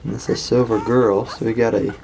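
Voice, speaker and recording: A man's voice: medium pitch, little pitch movement, fairly quick, darkish tone. A man breeding dogs, giving a casual home video update in an easygoing, folksy way and chatting to the dogs between remarks. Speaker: dog breeder. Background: dogs and household noise.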